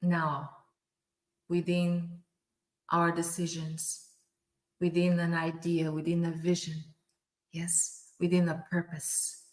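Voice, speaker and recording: Through a roomy, echoing video call, a woman gives a virtual summit's motivational keynote in a low, monotone voice. She takes it slowly with many pauses, echoing her own phrases and confirming them with repeated "yes."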